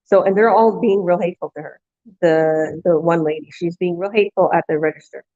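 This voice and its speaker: A woman's voice: on the low side, brisk, mellow, highs cut off. A woman vlogger casually telling a long story, rambling with restarts and quoting people along the way. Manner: rambling anecdote with restarts and acted-out quotes.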